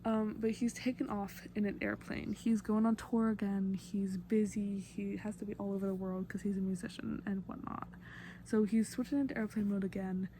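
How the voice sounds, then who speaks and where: Chatty fangirl woman breaking down an album, soft mellow tone, tons of "like"s. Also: medium pitch, level tone, normal speed, a little hiss or hum. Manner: chatty, gushing fan, lots of fillers. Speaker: music vlogger. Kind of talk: casual song breakdown.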